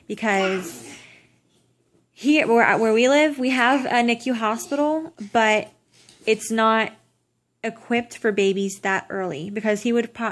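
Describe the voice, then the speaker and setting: A woman's voice: medium pitch, a little hiss or hum. A young woman giving a casual pregnancy update to her camera, rambling with restarts and self-corrections, sounding tired. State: tearful at times, exhausted. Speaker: vlogger.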